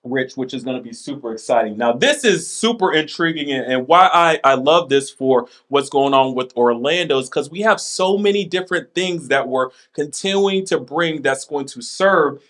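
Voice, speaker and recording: A man's voice: mid-range voice, expressive, normal speed, few pauses, fairly bright tone. A man hosting a casual chat, reading items aloud with playful asides and laughs. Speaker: podcast host.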